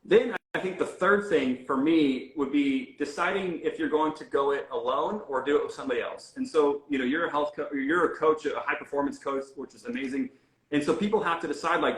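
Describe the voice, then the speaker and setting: A man's voice: fairly high pitch, fairly quick, roomy sound, rough recording. A man speaking as a guest health coach in an interview, talking casually with many fillers and restarts. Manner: conversational, frequent fillers and restarts.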